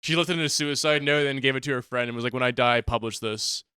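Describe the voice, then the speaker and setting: Smooth-voiced man, casual podcast chat. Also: medium pitch, fast, pushed and bright, dry recording, clean studio sound. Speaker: podcast co-host.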